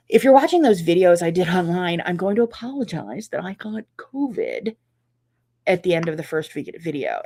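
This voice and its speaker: A middle-aged woman hosting a casual live chat, reading viewer comments and reacting warmly and chattily. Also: lowish voice, vocal fry. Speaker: quilting channel host.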